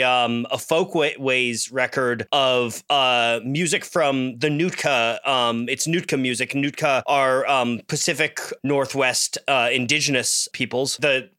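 A man's voice: medium pitch, bright, forceful tone. A man co-hosting a podcast, rambling casually with many fillers. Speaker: podcast co-host.

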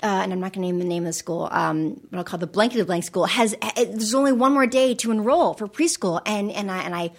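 A middle-aged woman telling stories in casual conversation, animated, often acting out the voices of people in her anecdotes. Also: medium pitch, fast, few pauses. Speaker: guest.

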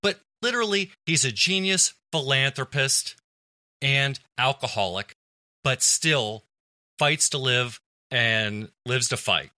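A man's voice: mid-range voice, expressive, slow, bright, forceful tone, no echo, studio quality. A man on a comedy podcast panel, making his argument in a playfully pompous, mock-earnest way. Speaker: podcast panelist arguing a case. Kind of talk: casual comedic debate.

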